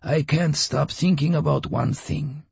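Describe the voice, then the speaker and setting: Audiobook character: man doing a seasoned male traveler, higher than the narrator, hushed and confiding. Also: steady tone, a little slow, creaky, breathy edge, no room sound, exaggerated voice. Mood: hushed uneasy. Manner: hushed, conspiratorial, musing. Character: wary, talkative male veteran traveler.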